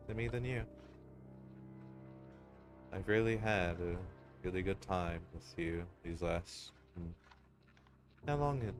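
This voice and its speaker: A man voicing a woman gravedigger who sounds mild, breezy and detached, fond yet empty in tone. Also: deep voice. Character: calm, offhand woman gravedigger, eerily fond.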